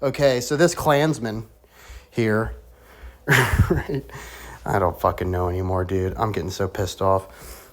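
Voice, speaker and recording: A man hosting a sports predictions show, rambling through conspiratorial theories in a profane, sarcastic, excitable way. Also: on the low side, slow pace, long pauses. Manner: profane, sarcastic, excitable, talks about himself as Coach.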